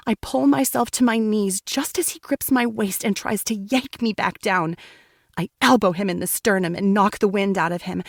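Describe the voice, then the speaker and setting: A woman's voice: mid-range voice, dry recording. Woman narrator, first-person romance audiobook, dramatic and intense, dry close mic.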